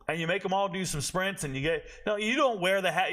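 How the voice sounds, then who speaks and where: A man hosting a college football show, giving blunt, profane, animated opinions and muttering to himself as he checks stats. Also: high-pitched, fast. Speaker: college football podcast host. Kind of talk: casual opinionated commentary.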